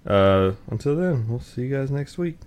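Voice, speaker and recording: A man's voice: mid-range voice, expressive, normal speed, background noise. A man co-hosting a casual motorsport podcast, laid-back and rambling, with plenty of swearing. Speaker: podcast co-host. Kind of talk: casual chat.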